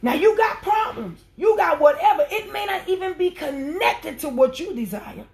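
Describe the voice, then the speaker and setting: A woman preaching a sermon, swinging from soft, quiet lines to impassioned shouting. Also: very high voice, lively intonation, moderate pace.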